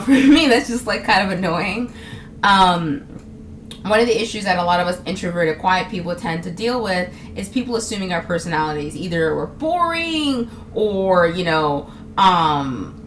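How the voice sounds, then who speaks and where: Young new york woman vlogging, chatty and jokey, laughs a lot, mid-pitched voice. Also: expressive, normal speed, fairly bright tone, slight background noise. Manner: chatty, laughs a lot, acts out other people's lines. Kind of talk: casual comedic monologue to camera.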